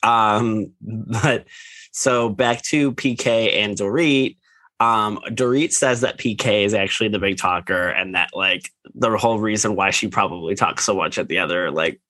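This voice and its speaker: A podcast co-host chatting casually about gossip who shifts into high, squealing tones when quoting. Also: normal speed, bright, forceful tone, no echo.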